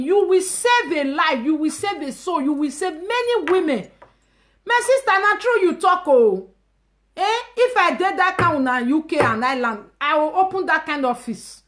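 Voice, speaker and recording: A woman speaking Nigerian Pidgin English, hosting a casual live stream and ranting emphatically and mockingly, with loud outbursts and low asides. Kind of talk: animated casual rant.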